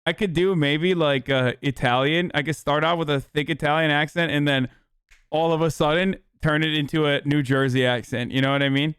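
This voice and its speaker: A man's voice: on the high side, fairly even intonation, normal speed, a bit bright, smooth, no room sound, clean studio sound. A man hosting a livestream, chatting casually with viewers in a loose, rambling way and swearing freely. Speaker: livestream host.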